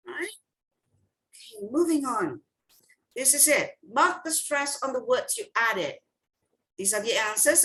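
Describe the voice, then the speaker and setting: Slow-paced woman teaching online. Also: fairly high pitch, fairly bright tone. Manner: slow, repeats words, checks in with "okay?" and "right?". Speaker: English teacher. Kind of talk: online class lesson. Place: video call.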